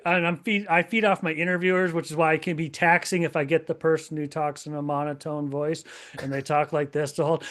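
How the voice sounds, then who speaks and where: Podcast guest, male, lively and emphatic, slightly high voice. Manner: lively, emphatic, talks through ideas with restarts. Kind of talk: casual interview talk.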